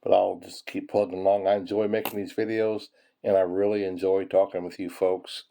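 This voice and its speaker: A man's voice: low-pitched, level tone, a little fast, creaky, background noise. A man hosting a coin-hunting video, chatting casually with viewers in a folksy way while sorting pennies. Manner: folksy, chuckles often, addresses viewers as folks. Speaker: coin-roll hunting channel host. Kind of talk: casual chat while searching coin rolls.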